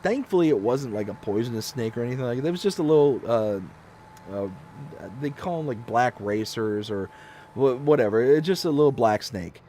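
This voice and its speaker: A man in his thirties telling stories on a casual live game stream, animated and self-mocking. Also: medium pitch, a little fast, a little hiss or hum.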